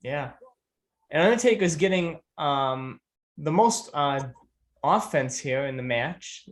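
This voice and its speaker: A man appearing as a podcast guest, chatting casually with relaxed, agreeable short replies during a watch-along. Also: on the high side, slow pace. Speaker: podcast guest, wrestling fan.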